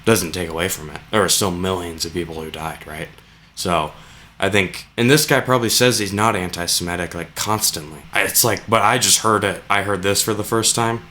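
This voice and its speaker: A man's voice: low-pitched, brisk, bright, forceful tone, slight background noise. A man giving sarcastic, rambling reaction commentary on video clips and swearing freely.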